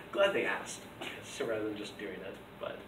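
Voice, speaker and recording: A man's voice: lowish voice, very animated, unhurried. A male teacher talking casually to his class, rambling with many ums and restarts. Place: school classroom. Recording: echoey classroom with loud background noise.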